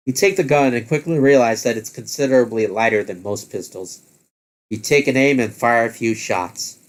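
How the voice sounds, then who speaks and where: Man haltingly reading a text adventure. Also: mid-range voice. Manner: halting reading with self-corrections.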